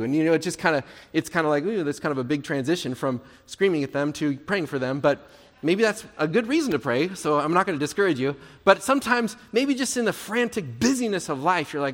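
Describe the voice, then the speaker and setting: Pastor, male, slightly high voice, easygoing and encouraging sermon delivery, long church reverb. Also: animated, quick pace. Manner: conversational, encouraging, acts out sample prayers.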